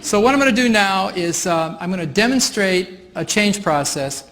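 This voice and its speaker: A man's voice: high-pitched, lively intonation, normal speed, a bit bright. A man leading a live workshop demonstration on stage, explaining each step in a chatty way and often laughing. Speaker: workshop facilitator. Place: stage before an audience.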